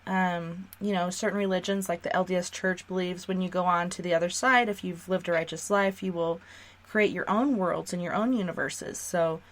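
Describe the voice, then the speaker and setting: A woman's voice: on the low side, steady tone, normal speed. A woman hosting a radio talk show, sharing her beliefs earnestly in casual conversation. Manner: earnest, talks through beliefs. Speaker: radio host.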